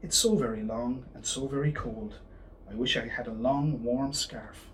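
A gloomy, chilly giraffe from a picture book, as a man reading aloud puts it on, speaking softly and plaintively. The voice sits back from the mic, with a faint hiss behind it. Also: medium pitch, unhurried, recorded from a distance, natural voice, low-quality recording. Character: cold, sad giraffe with a long neck.

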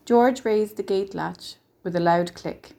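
A woman narrating a story in a steady, measured way. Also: mid-range voice, vocal fry.

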